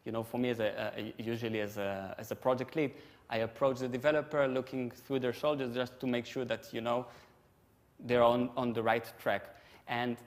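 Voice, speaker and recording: A man's voice: mid-range voice, long reverb tail. Chatty, self-deprecating male conference speaker. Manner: chatty and self-deprecating, with frequent restarts and asides. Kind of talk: humorous conference presentation. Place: lecture hall at a conference.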